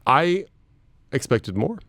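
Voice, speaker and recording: A man, a radio host talking through a road trip in relaxed, rambling casual chat. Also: mid-range voice, takes it slowly, dry recording, clean studio sound. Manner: laid-back, chatty, repeats words.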